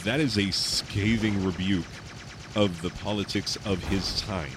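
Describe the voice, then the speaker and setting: A man who teaches high school English, rambling in casual commentary while playing a game, full of fillers and laughs. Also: steady tone, unhurried, background noise. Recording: game gunfire and explosions behind the voice.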